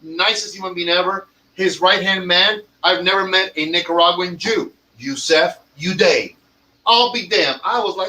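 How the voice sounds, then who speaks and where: Man, tobacconist, profane emphatic storyteller, high pitch, bright tone. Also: normal speed, rough recording. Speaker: cigar lounge owner and tobacconist. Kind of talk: casual podcast rant.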